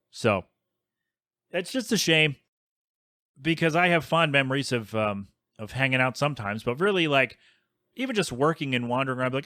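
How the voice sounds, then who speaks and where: A man's voice: mid-range voice, a bit bright, dry recording, clean studio sound. A man in his thirties hosting a podcast, rambling casually with plenty of fillers and grumbling asides. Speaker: podcast host.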